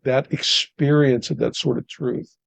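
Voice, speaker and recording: Gravelly philosophical podcast host. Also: male voice, mid-range voice, fairly even intonation, unhurried, dry recording, low-quality recording. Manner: philosophical, emphatic, lecturing. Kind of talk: casual conversation.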